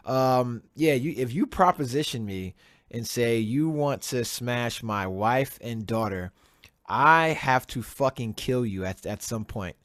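A man's voice: mid-range voice, lively intonation, takes it slowly, a bit bright, no room sound. A man hosting his own podcast in a casual solo rant, swearing a lot and repeating himself as he works himself up, speaking close to a desk mic. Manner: profane, heated, repeats himself. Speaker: podcast host. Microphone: desk mic, virtual background on video.

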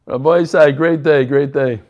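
A man's voice: fairly high pitch, steady tone, moderate pace, darkish tone, lo-fi sound. A man hosting an online learning group over a video call, chatting casually, joking and greeting people by name. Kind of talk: casual chat with group members.

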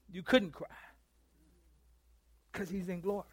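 A male pastor with a high, light voice preaches in a dry, close sound with little room echo. He tells a story and plays both sides of a conversation, then drops to a hush and draws out his phrases. He calls for answers from his listeners as he goes. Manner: storytelling, acts out both sides of a phone call; swings from loud to hushed, drawn-out phrases. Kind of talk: sermon. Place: church.

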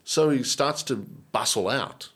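Speaking unhurriedly in a mid-range, slightly rough voice, this Australian interview guest shares an emotional story from his own life. He is earnest and animated, frequently repeating himself and starting over.

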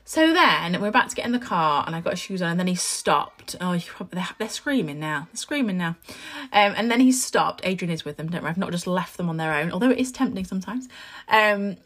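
Bright-voiced chatty woman. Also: lowish voice, expressive, fairly quick. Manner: chatty, candid storytelling with frequent laughs. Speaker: podcast host. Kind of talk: casual podcast monologue.

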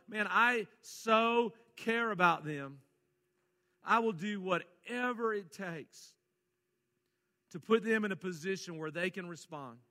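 A high, bright-voiced man preaches in a church hall, with a long echo hanging on every word. He is folksy and direct, dropping to soft asides and then climbing into loud, urgent emphasis. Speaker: pastor. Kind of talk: sermon.

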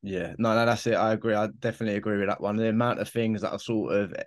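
A man's voice: lowish voice, steady tone, racing. A man interviewing a guest, asking long rambling questions with restarts and agreeing easily. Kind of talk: casual interview chat.

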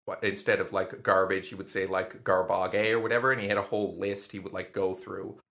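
Young dude rambling on a podcast, bright voice, swears a lot. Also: male voice, low-pitched, little pitch movement, fast, vocal fry. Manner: rambling, profane, lots of fillers. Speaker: podcast co-host. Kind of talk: casual chat.

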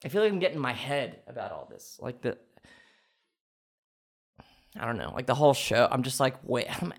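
A young man with a lively, far-ranging pitch hosts his own sports quiz for laughs. He reasons out loud, bursts into shouts when he scores, then drops to quiet grumbles when he misses. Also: a little fast, creaky. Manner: animated, thinks out loud, swings from shouting to muttering. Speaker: quiz contestant and host. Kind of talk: comedic solo quiz challenge.

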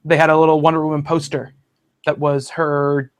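A man with a slightly high voice hosts a relaxed comics chat. He rambles, restarting sentences and piling on fillers as he goes. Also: normal speed, clear, resonant tone. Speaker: podcast host. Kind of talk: casual chat about comics.

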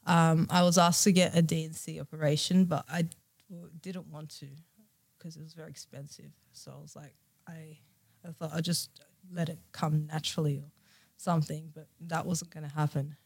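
A woman's voice: deep voice, flat delivery, normal speed, darkish tone, husky. A young woman from Australia telling a personal story as a podcast guest, candid and emotional, with many fillers.

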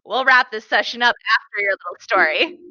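A woman co-hosting a casual podcast chat, blunt and animated, swearing freely. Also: a little high, brisk, dry recording, highs cut off. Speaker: podcast co-host. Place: foreigner living in Korea.

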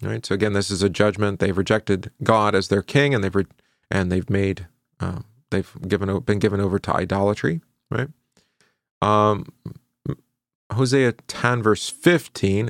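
Male pastor, middle-aged, low voice, dry close sound; reads scripture, then teaches with casual asides. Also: steady tone, moderate pace, creaky, no echo. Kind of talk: Bible study teaching with scripture reading.

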